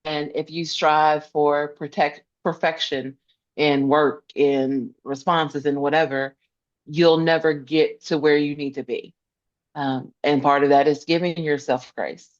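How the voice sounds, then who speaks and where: A woman's voice: low voice, level tone, a little slow. Earnest woman guest, lo-fi sound. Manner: earnest, emphatic, repeats phrases for emphasis. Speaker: podcast guest, social worker. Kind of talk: conversational interview.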